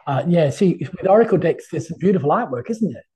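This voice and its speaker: With a crowd audible behind him, a middle-aged man who reads tarot speaks a little fast in an expressive, rather high voice. He's being interviewed casually and rambles through anecdotes, using many fillers.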